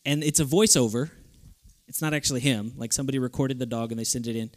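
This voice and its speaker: A young man preaching a sermon to a youth group, lively and playful in his delivery. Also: mid-range voice, quick pace. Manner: lively, playful, switches into goofy voices for stories. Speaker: youth speaker.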